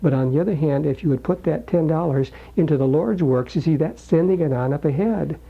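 A man preaching a sermon in a folksy, conversational way, slowing down to read scripture aloud. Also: on the high side, creaky, breathy edge. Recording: dull lo-fi recording.

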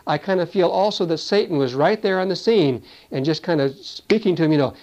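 A man's voice: fairly high pitch, fairly quick, a little mellow. A man teaching a Bible sermon in a conversational way, often adding "you see" and "you know.". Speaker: preacher. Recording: dull lo-fi recording.

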